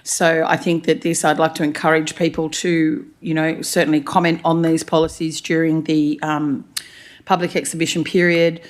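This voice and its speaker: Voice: medium pitch, level tone, normal speed. A councillor speaking hesitantly with many fillers during a council meeting in a council chamber.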